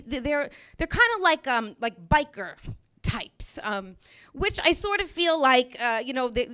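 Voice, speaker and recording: A woman with a somewhat high voice tells a comic personal story to a live crowd at a small bar venue. She is animated and wry and keeps tossing in "you know" as she goes. Her voice comes through a stage microphone.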